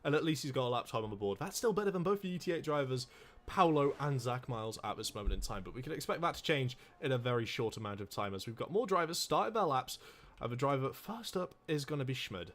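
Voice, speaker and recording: Male esports commentator, quick pace, lively pitch, teasing banter. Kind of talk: live race commentary.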